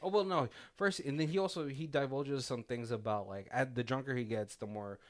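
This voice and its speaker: A man's voice: mid-range voice, fairly quick. A man hosting a casual movie commentary chat, retelling scenes with quoted lines and frequent laughs. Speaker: podcast host.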